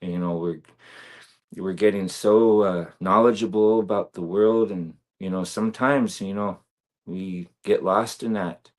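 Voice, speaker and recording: A man's voice: low voice, fairly even intonation, measured pace, a little mellow. A man talking earnestly and reflectively as a guest on a video-call interview, with many fillers. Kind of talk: casual interview talk.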